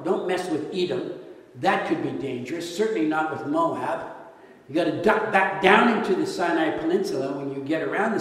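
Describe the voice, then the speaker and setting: A man preaching a sermon over slides, joking and firing rhetorical questions at his congregation. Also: on the high side. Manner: animated, jokey, rhetorical questions. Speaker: pastor. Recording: echoey hall from far off.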